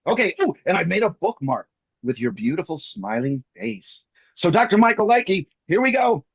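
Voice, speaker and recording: A man performing as a magician, telling jokey stories in quick comic patter over a video call. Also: high-pitched, big pitch swings, breathy edge, dry recording, lo-fi sound. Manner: rapid joking storyteller, playful teasing. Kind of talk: comic patter on an online show.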